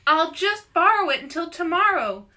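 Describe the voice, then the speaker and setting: A woman voicing a playful, pushy little female bird who squeals with excitement. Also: extremely high pitch, normal speed, pitched above the performer's own voice, exaggerated voice.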